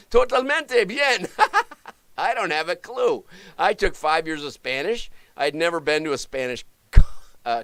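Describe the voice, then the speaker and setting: A man's voice: a little high, fairly bright tone, no room sound. A middle-aged American man hosting a livestream, talking casually in a chatty, jokey way with frequent self-interrupting asides. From United States. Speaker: livestream show host.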